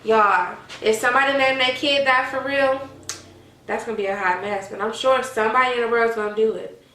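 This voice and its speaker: A woman's voice: on the high side, fairly quick, roomy sound, far from the mic, a little hiss or hum, low-quality recording. A woman, chatting animatedly to her viewers in a casual commentary. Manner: animated, addresses viewers as y'all. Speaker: vlogger.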